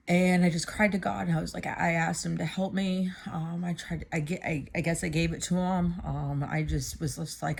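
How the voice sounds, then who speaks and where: A woman in her thirties giving a personal faith testimony to her camera, speaking earnestly and haltingly with many fillers and restarts. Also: low voice, fairly even intonation, gravelly, a little mellow. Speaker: church member giving testimony.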